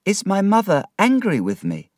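A man voicing a timid young boy in a storybook, speaking high and pleading. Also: wildly swooping pitch, moderate pace, no room sound, clean studio sound. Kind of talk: storybook reading.

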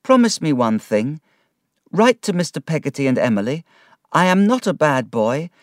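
A man voicing a timid young boy in a storybook, speaking high and pleading. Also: very animated, normal speed, no room sound, studio quality. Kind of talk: storybook reading.

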